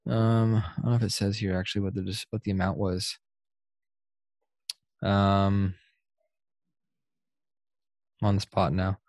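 A young man in casual sports banter on a podcast, his voice sitting a bit low. He laughs easily and speeds up into animated bursts when a story excites him. The sound is dry and close to the mic. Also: unhurried, pauses often, no echo. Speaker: podcast host.

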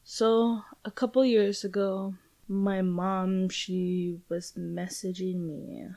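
A woman's voice: medium pitch, flat delivery, slow pace, dark tone. A young adult woman hosting a casual solo podcast, rambling and chatty with lots of fillers and casual swearing. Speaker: podcast host.

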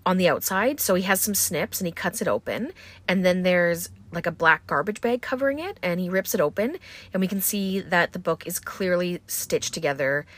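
A woman casually recapping a horror film, chatty and full of filler words. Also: on the low side. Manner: chatty, many ums and likes.

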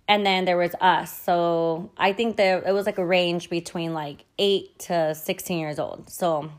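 A woman's voice: fairly low pitch, fairly even intonation, measured pace. Chatty woman telling a personal story. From Mexican-American family. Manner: chatty, frequent fillers and quoted dialogue, swears casually. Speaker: podcast host. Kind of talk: casual storytelling.

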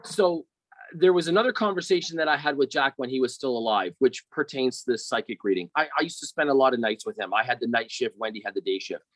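A middle-aged man telling a personal story in casual conversation, animated and often repeating words as he starts a sentence. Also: medium pitch, fast, dry recording, rough recording.

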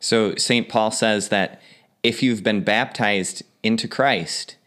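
A lower-voiced man on a casual faith podcast, earnest and reflective. He lays out his points deliberately, in a calm conversational tone. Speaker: podcast co-host.

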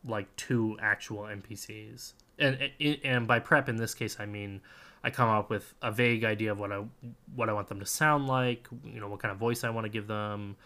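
Podcast co-host, male, bright voice, easygoing talk with frequent laughs. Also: lowish voice, moderate pace. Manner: laughs often, relaxed and rambling. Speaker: podcast co-host, game master. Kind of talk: casual chat.

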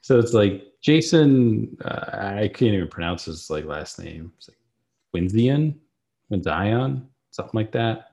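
A man with a very deep voice co-hosts a casual podcast. He recaps in a relaxed, filler-heavy way. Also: normal speed, creaky. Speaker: podcast co-host. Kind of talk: casual chat.

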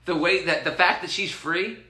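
A man in casual chat, telling a story with animated, loud quoted bits and free swearing. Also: high-pitched, normal speed, echoey room.

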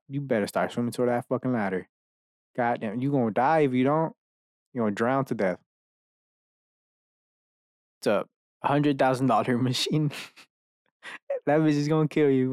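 A man's voice: medium pitch, normal speed, long pauses, a little mellow, no room sound, studio quality. Rambling, profane man ranting solo. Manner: meandering, profane, self-mocking. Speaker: podcast host. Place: his bedroom.

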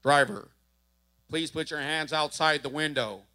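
A man's voice: fairly high pitch, fairly even intonation, unhurried, pushed and bright, pitched below the performer's own voice. A man putting on a stern barking lady cop. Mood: commanding. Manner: barking clipped orders. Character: stern commanding female police officer.

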